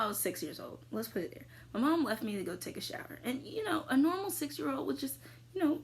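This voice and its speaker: A young adult woman vlogger casually answering viewer questions, rambling with lots of fillers and jumping into sudden high squeals. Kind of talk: casual chat.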